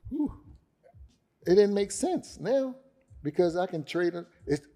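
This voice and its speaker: A man who owns an embroidery business, talking about his business as a podcast guest in a relaxed, storytelling way. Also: high-pitched, measured pace. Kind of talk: casual podcast conversation.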